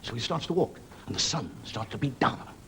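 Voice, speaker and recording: The voice is medium-pitched, quick and fairly bright, with lively intonation and a little hiss or hum on the recording. It belongs to a middle-aged man hosting a TV comedy show, telling dry, rambling stories to a studio audience and doing voices for the characters in a stand-up storytelling monologue.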